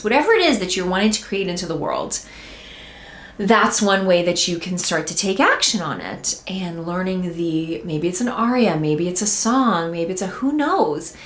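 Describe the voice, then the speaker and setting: A woman's voice: mid-range voice, fairly bright tone. A woman hosting a singing podcast, coaching listeners through exercises in a direct, encouraging way from her desk. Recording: roomy echo.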